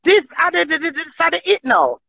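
Speaking in patois with a Jamaican accent, this woman is casual, blunt, brash and boastful on her live stream. Her very high-pitched, creaky voice has a sharp tone and a fairly quick pace. There's no room sound, and the audio is dull and lo-fi.

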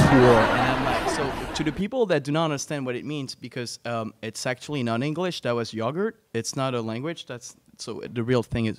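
A man's voice: mid-range voice, a little fast, hardly any pauses, a little hiss or hum. A young man from France with a light French accent, doing a rambling, self-mocking stand-up set on a small club stage. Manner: rambling, self-mocking, many fillers and restarts. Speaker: stand-up comedian.

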